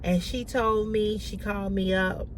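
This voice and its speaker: A woman with an ordinary mid-range voice tells a personal story with animated emphasis, often repeating her key lines. The recording carries clear vehicle noise underneath. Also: medium pitch, unhurried. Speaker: vlogger.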